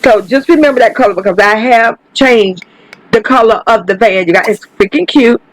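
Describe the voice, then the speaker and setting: A woman's voice: a little high, normal speed, dry recording, rough recording. A woman hosting her own channel, talking through her life-simulation game in a chatty way. She swears freely and keeps turning to her viewers. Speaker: gaming channel host. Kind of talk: casual gameplay commentary.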